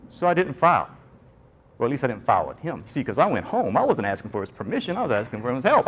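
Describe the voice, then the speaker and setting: A man's voice: mid-range voice, highs cut off. A middle-aged man, a nurse entrepreneur giving a conference talk and telling his story with jokes and acted-out voices. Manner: animated storyteller, jokey, acts out quoted people.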